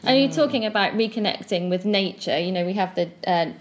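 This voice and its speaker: A woman's voice: medium pitch, animated, brisk. A woman presenting a casual chat, enthusiastic and leading the questions.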